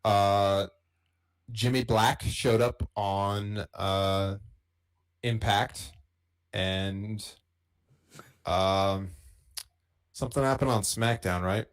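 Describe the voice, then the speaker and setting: A man co-hosting a live podcast stream, talking in a relaxed way and reading out viewer comments. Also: fairly low pitch, drawn-out words, pauses often, smooth, rough recording. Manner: relaxed, reads out chat comments. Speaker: podcast co-host. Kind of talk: casual live-stream chat.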